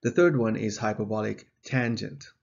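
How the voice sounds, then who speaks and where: A man teaching a video lesson, explaining in a measured way with an occasional filler, on a dull lo-fi recording. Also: on the low side, creaky. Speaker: math teacher.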